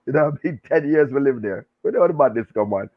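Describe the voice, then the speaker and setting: A man with a Jamaican accent chatting casually about football, animated and full of patois banter. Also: medium pitch, fast. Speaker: show guest and pundit. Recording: tinny phone line.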